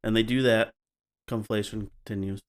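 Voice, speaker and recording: A man's voice: lowish voice, fairly even intonation, normal speed. A man hosting a podcast, retelling stories in a casual, wry way and slipping into playful mock voices. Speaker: podcast host.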